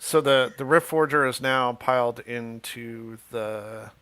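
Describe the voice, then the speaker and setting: A man's voice: medium pitch, level tone, slow pace, fairly bright tone, smooth. A man commentating casually on a tabletop game, thoughtful and asking about the rules.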